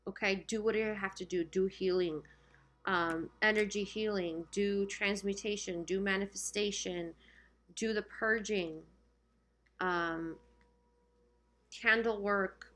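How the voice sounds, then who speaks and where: A woman in the middle of a relaxed tarot reading, talking straight to her viewers at a middle pitch. She keeps checking in with them as she goes, and her voice sounds a little strained and worn. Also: takes it slowly. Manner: chatty, keeps checking in with "okay?". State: losing her voice. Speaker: tarot reader. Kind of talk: casual spiritual reading to camera.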